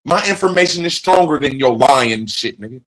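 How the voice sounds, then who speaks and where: A man's voice: on the high side, animated, moderate pace, fairly bright tone, low-quality recording. A man hosting a livestream, talking in a profane, rambling, emphatic casual rant. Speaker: livestream host.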